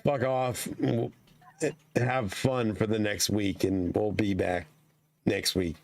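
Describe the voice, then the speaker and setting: Hoarse, profane man losing his voice. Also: on the low side, slow pace, slight background noise. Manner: profane, joking. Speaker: podcast co-host. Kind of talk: casual chat.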